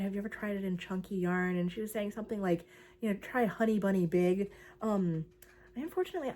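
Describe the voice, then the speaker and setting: Woman, young adult, casual crochet vlog, chatty, rambling, filler-heavy, mid-pitched. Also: a little mellow. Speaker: crochet vlogger. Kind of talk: casual craft vlog chat.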